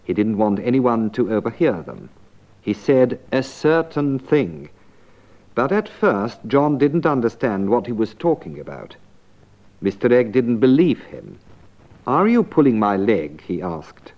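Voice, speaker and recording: A man narrating and explaining a language lesson in a clear, measured teaching manner. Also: on the low side, big pitch swings. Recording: dull lo-fi old tape.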